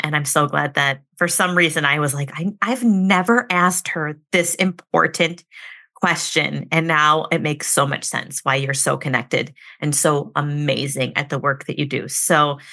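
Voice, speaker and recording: A woman therapist hosts a podcast interview with a bright, forward voice. She talks in an effusive, conversational way, slightly low in pitch.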